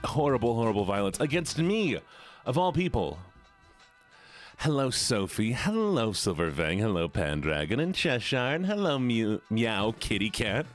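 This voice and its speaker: A man's voice: mid-range voice, very animated, moderate pace, soft background music. A man livestreaming, chatting casually and greeting viewers one by one in a playful, teasing way.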